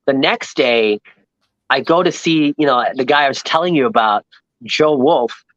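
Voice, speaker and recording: Excited rambling storyteller, New man. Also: fairly high pitch, normal speed, vocal fry, dull audio, a crowd in the background. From New York, Long Island. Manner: rambling, animated storyteller, acts out dialogue. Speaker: guest. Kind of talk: casual storytelling chat.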